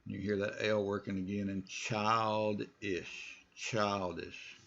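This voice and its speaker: A man teaching English pronunciation, modeling words slowly and deliberately for the listener to repeat, with relaxed asides in between. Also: lowish voice, gravelly, highs cut off. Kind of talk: pronunciation lesson with repeat-after-me drills.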